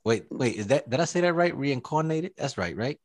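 A man's voice: mid-range voice, very animated, a little fast, no echo. A man co-hosting a podcast in casual banter, laughing often and swearing with lots of slang. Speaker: podcast co-host.

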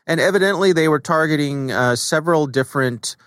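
A man co-hosting a podcast, talking in a relaxed, conversational way with filler words. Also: on the high side, brisk, no echo, studio quality. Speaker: podcast co-host. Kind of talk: casual chat.

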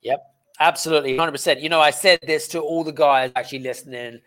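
A man hosting an interview, emphatic, with halting "um" fillers. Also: on the high side, fairly even intonation, a bit bright. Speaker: host. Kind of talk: conversational interview.

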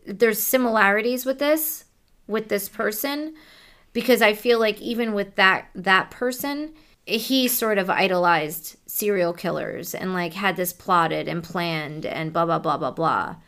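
A woman working as a psychic medium, softly relaying messages during a reading in a casual, conversational way. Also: mid-range voice, a little slow.

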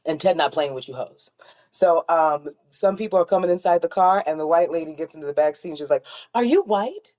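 Woman podcast host, low mellow voice, cussing and joking, animated storyteller. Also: fast. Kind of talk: casual podcast chat.

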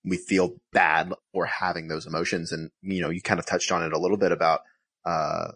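Low-voiced reflective man hosting a podcast. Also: little pitch movement, a little fast, a bit bright, husky, dry recording. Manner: reflective, thinks aloud with many fillers. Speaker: podcast host. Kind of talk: conversational interview.

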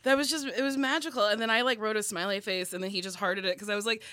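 Bright lively woman in her 30s, comedian chatting, dry close mic, laughs a lot. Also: mid-range voice, quick pace, few pauses, dry recording. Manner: animated storyteller, laughs often, swears. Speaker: comedian and actress guest. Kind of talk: casual interview chat.

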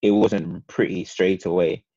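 Deep gravelly man in casual chat. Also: measured pace, no echo, lo-fi sound. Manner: animated, talks in long opinionated runs.

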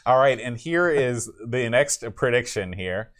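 A podcast co-host with a medium-pitched, slightly slow voice and lively intonation chats casually. He reads listener predictions aloud, chuckling as he goes.

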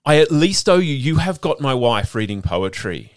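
A man's voice: mid-range voice, very animated, normal speed, dry recording, studio quality. A man hosting a radio interview, effusive and openly emotional as he reads a scripted intro and then chats. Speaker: podcast host.

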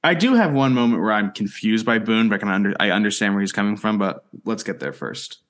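A young man co-hosting a podcast in casual chat. He teases with a wry tone and walks through plot points in a steady, recapping way. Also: fairly low pitch, fast talker. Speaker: podcast co-host.

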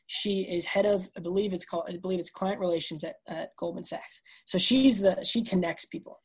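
This guest musician, a woman in her twenties, has a lowish, slightly rough voice and talks a little fast. Telling a story on a video call for a casual interview, she's animated, acts out what people said, and uses "dude" and "bro."

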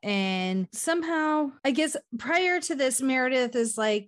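Animated woman recapping a movie. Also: high-pitched, a little slow. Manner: animated retelling with quoted voices, swears freely. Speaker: podcast co-host. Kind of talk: casual recap chat.

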